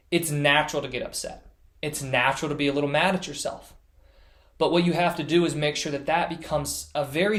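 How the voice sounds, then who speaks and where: A man delivers a direct instructional talk as a mental performance coach. His voice sits somewhat high, and he keeps his phrasing simple and repetitive.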